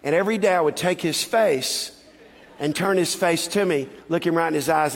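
Brief: male preacher, high gravelly voice, storytelling sermon, long hall reverb. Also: fairly quick. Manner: animated, building to loud exhortation.

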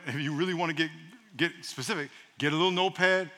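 A man preaching a sermon as a pastor, lively and humorous, leading the congregation in call-and-response. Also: on the high side, fast talker, big-room sound.

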